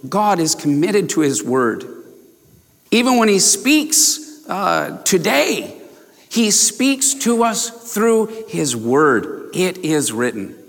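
A man preaching a sermon, stressing and repeating key phrases and putting questions to his congregation. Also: medium pitch. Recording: long hall reverb.

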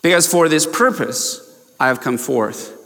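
A man's voice: a little high, expressive, measured pace, bright, forceful tone. A man preaching a sermon, stressing and repeating key phrases and putting questions to his congregation. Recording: long hall reverb.

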